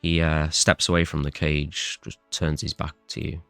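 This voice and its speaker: A man narrating as game master in an unhurried way. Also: extremely low pitch, flat delivery, fairly bright tone, no room sound, soft background music. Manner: unhurried, with fillers.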